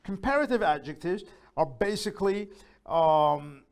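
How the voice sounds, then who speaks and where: A man teaching a beginner English lesson, patiently explaining step by step and slowly repeating each word aloud so learners can copy it. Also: high-pitched, expressive. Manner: slow, repeats words aloud to model pronunciation.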